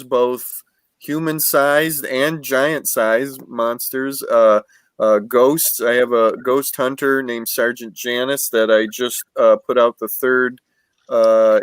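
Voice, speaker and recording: A man's voice: mid-range voice, smooth, no room sound. A man with a northern US accent, a writer chatting as a guest on a video-call panel, joking and laughing often between stumbling starts. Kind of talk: casual video panel chat.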